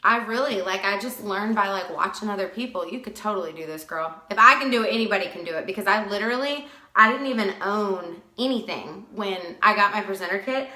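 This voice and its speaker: A woman's voice: medium pitch, fairly quick, pushed and bright, echoey room. A chatty woman giving a casual live makeup tutorial at home, greeting viewers by name as she works. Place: at home, with dogs nearby.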